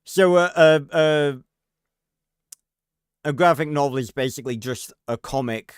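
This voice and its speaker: A man's voice: fairly high pitch, measured pace, clean tone, no echo, clean studio sound. A man streaming a video game, giving casual, rambling commentary, thinking aloud and swearing freely.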